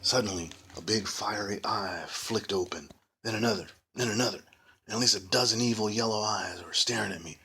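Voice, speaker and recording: Guy reading a spooky kids book, deep husky voice, tosses in jokey asides. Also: brisk, pushed and bright. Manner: playful, adds casual asides. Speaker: reader of a children's book. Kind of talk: storybook reading with ad-libbed asides.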